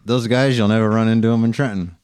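A man co-hosting a podcast, laid-back and joking, mostly agreeing with his friend and pitching silly ideas. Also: fairly even intonation, quick pace, a little mellow, clean tone, dry recording. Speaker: podcast co-host. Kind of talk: casual chat.

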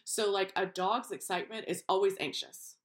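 A woman co-hosting a podcast in casual chat, telling animated stories and acting out quoted voices. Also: medium pitch, normal speed. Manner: animated storyteller, acts out quoted voices, laughs often. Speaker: podcast co-host.

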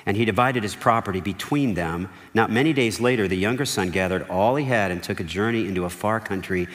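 A man's voice: on the low side, brisk. A man preaching a sermon as pastor, talking to the congregation in a conversational way with asides and repeated words. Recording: long hall reverb.

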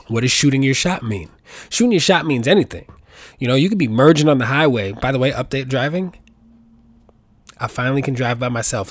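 A man's voice: mid-range voice, dry recording. Rambling, profane young man podcasting. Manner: profane, rambling, jokey asides. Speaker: podcast host. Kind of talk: casual rambling monologue.

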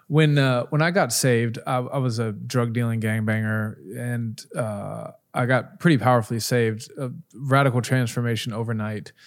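A man in middle age talks with a candid, lively storytelling manner, full of asides and quick turns. His voice sits at an ordinary middle pitch for a man, easygoing and conversational. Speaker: podcast host. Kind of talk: casual conversational interview.

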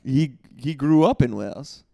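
A man's voice: mid-range voice, normal speed, creaky, dark tone. A man co-hosting a comedy podcast, chatting casually and teasing his guests. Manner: joking, teasing. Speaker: podcast co-host. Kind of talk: casual banter.

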